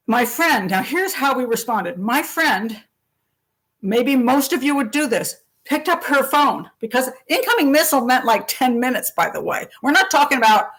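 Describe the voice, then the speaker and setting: An older woman tells a story on a live stream in a chatty, animated way, slipping into the voices of the people she quotes. Her voice sits a little higher than most women's. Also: moderate pace, low-quality recording. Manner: chatty and animated, acts out quotes, laughs often.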